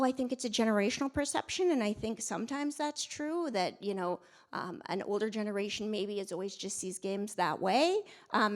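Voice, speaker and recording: A middle-aged woman giving a conference talk, emphatic and energetic, with many fillers and restarts. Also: on the high side. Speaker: conference speaker.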